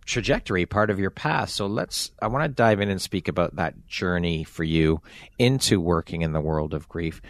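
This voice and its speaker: A male podcast host with a very low voice, encouraging his guest and laughing easily along with her stories. The sound is dry and close, with no room around it. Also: vocal fry, no room sound. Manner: encouraging, warm praise, laughs readily. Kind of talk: casual interview chat.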